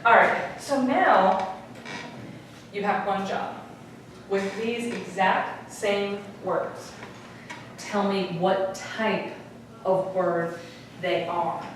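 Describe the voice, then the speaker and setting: A woman teaching high school Spanish, upbeat and energetic, calling on students by name to quiz them. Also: very slow, long pauses, background noise. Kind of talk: classroom teaching. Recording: echoey classroom from a distant mic.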